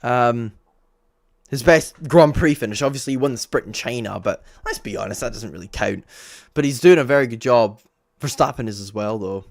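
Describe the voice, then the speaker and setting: A man's voice: medium pitch, moderate pace, vocal fry, no room sound. A man hosting a livestream, giving casual, rambling race commentary and sounding exasperated. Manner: exasperated, rambling, self-interrupting. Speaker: livestream host.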